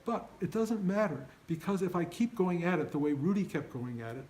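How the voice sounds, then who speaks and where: A man's voice: high-pitched, animated, a little fast, darkish tone, rough recording. An older man giving an informal spiritual talk to his students, earnest and emphatic, often acting out their inner voices. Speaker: spiritual teacher.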